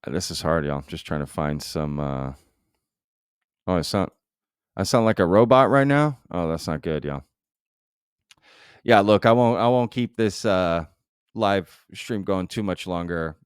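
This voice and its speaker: A man with a very low, smooth and resonant voice chats casually on a live stream. He talks loosely, with plenty of fillers. The sound is close and dry. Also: animated, normal speed, no echo. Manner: loose and conversational, full of fillers. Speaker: show host. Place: home live-stream setup.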